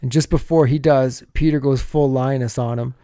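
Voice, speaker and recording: A man's voice: medium pitch, fairly even intonation, normal speed, warm tone, clear, resonant tone, dry recording, clean studio sound. A man co-hosting a podcast, casually recapping a TV episode scene by scene and laughing often as he goes.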